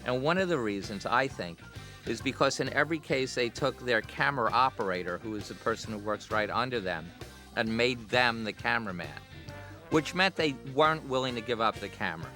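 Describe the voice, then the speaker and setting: A man's voice: mid-range voice, brisk, soft background music. Middle-aged man telling film anecdotes. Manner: relaxed anecdotal storytelling. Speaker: film director. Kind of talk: DVD commentary interview.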